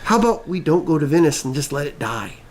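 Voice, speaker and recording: Sarcastic podcast guy, high voice that jumps around a lot, faint hiss behind. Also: sing-song. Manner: sarcastic, quick wisecracks. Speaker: podcast co-host. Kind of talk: casual comedic news chat.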